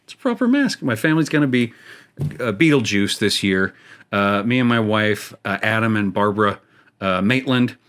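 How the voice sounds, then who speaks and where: Lowish in pitch and fairly bright, the voice of a middle-aged man moves at a moderate pace as he hosts a gaming show. He laughs often at his own jokes while telling a meandering, self-mocking story during play.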